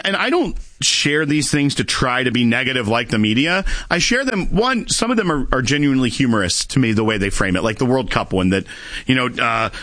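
A man hosting a call-in radio talk show, talking briskly and conversationally, and reading headlines aloud to his listeners. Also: mid-range voice, sharp tone, no room sound.

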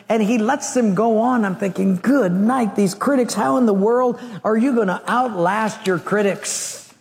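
A man with a high voice preaches to his congregation, dropping into quieter tones as he acts out the story's dialogue. His voice rings with the long reverb of a large hall. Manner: animated storytelling, acting out dialogue. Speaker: pastor. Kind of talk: sermon.

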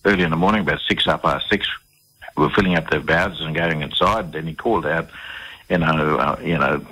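Australian male guest, low husky voice, punchy, storyteller who acts out the dialogue. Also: brisk, bright, forceful tone, poor audio. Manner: acts out dialogue, repeats words while searching for them. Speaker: interview guest. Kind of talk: conversational storytelling interview.

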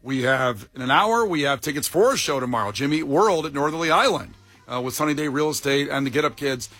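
A man's voice: on the high side, animated, quick pace, sharp tone, dry recording. A man hosting a morning radio show in casual, playful banter with his co-hosts. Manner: playful, exaggerated, self-mocking. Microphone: studio microphone.

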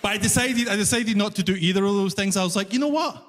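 A Glaswegian comedian with a fairly high voice tells a story with exasperated, animated energy. He is on a live stage, and his voice rings out into a reverberant concert hall. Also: quick pace. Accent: Glaswegian Scottish. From Glasgow, Scotland. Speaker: stand-up comedian. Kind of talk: stand-up storytelling.

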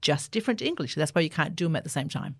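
An Australian woman, an Auslan interpreter, answering interview questions in an animated, explanatory way. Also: deep voice, rapid-fire, creaky, slightly rough, no room sound, studio quality. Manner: animated, explanatory, laughs easily.

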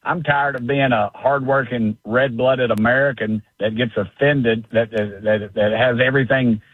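A blunt, folksy man speaking with heated indignation. His voice comes down a thin, tinny phone line with no room sound around it. His pitch sits in an ordinary middle range. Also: steady tone, moderate pace, husky, dry recording. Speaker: congressman calling in. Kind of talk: fiery phone-in political talk. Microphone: telephone.

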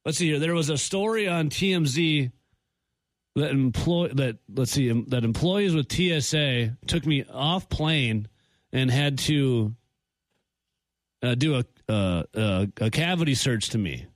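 A man hosting a morning radio show, telling an airport story with animated, incredulous asides. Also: mid-range voice, unhurried, no room sound, clean studio sound. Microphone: studio microphone.

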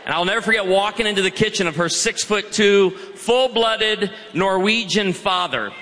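High bright-voiced man telling funny stories. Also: moderate pace, slight background noise. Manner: energetic storytelling, puts on voices for jokes. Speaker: guest speaker. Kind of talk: humorous marriage talk to students. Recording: hall reverb with faint ambience.

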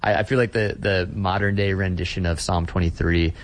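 A man with a very low, deep voice talks as a guest on an interview show. He is a pastor, earnest and reflective, and he often circles back and restarts his words as he works through an idea. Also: steady tone, fairly quick, a little hiss or hum.

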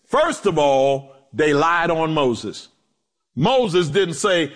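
A male pastor preaching a sermon, animated, acting out quotes in low voices and joking with the congregation. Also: measured pace. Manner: animated preaching with swooping pitch and dramatic drops.

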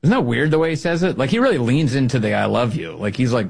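A man with a mid-pitched, husky voice hosts a casual political commentary show. He talks in a mocking, animated way, with sudden jumps up into a high voice to land a point. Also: fast. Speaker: podcast host.

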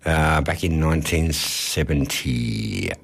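A deep, husky Australian man bantering casually as a radio co-host. He talks in a relaxed, joking way, full of offhand asides. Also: takes it slowly. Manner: joking, laid-back banter. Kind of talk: casual chat.

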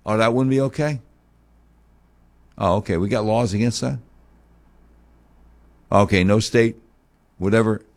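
A man's voice: on the low side, unhurried, pauses often. A man hosting a talk show, delivering a heated, sarcastic opinion monologue full of mocking rhetorical questions.

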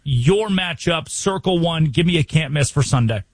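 Husky-voiced man hosting sports talk. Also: on the high side, normal speed, no room sound. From United States. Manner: emphatic, rhetorical questions, animated. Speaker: sports radio host. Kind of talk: sports talk show banter.

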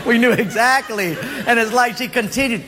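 A man's voice: very high voice, moderate pace, a crowd in the background. A man preaching a sermon as a pastor, telling jokey stories and laughing along with them. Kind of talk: humorous sermon storytelling. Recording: long hall reverb, faint background noise.

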